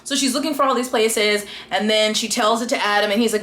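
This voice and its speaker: A woman's voice: mid-range voice, quick pace, a bit bright, roomy sound. A woman giving an exasperated, casual book review rant and acting out the characters' lines along the way.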